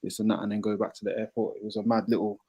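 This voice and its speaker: A man's voice: fairly low pitch, little pitch movement, racing, noisy background. A young man with a Birmingham English accent chatting casually, slangy and candid. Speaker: panel guest. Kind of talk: casual chat.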